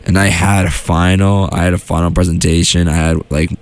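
Talking fairly quickly with a flat delivery, a young man with a deep voice runs a casual solo radio show from a small studio. He rambles, using many fillers and restarts.

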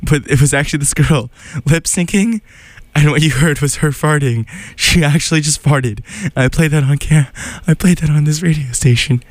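A man's voice: fairly high pitch, moderate pace, dry recording. A man hosting a radio show, chatting casually and animatedly, laughing and sounding incredulous. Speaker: radio host.

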